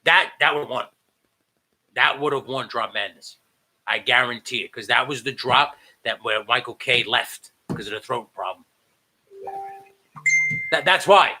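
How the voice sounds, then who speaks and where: A man on a podcast, recorded remotely from home, in loose casual chat. His voice is sharp and bright, and he talks in an animated, profane way. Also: medium pitch, unhurried, pauses often, slight background noise. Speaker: podcast co-host.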